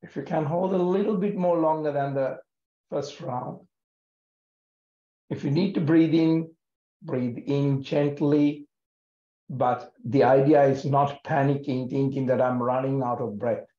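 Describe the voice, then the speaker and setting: A man guiding a yoga breathing practice in a gentle, calm and soothing way, with many pauses. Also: medium pitch. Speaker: yoga teacher. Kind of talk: guided yoga breathing instruction. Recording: echoey room, dull lo-fi sound.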